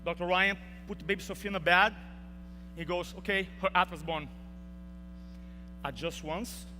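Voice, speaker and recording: A young man giving a motivational speech in a large hall, telling an emotional story and acting out the quotes. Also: on the high side. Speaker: speaker. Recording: reverberant hall with faint hum.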